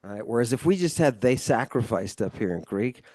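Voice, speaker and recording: A man gives a casual one-on-one Ancient Greek lesson, explaining things step by step and often checking in with "right?" His manner is loose, with mild swearing. His voice is medium-pitched and animated, with a darkish tone and a moderate pace.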